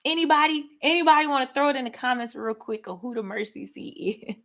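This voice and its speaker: Excited woman host, high bright voice, big swings in pitch, chatty and animated Bible teacher. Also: fast talker. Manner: animated, laughing, talks to viewers as y'all. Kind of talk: livestream Bible study, excited casual teaching.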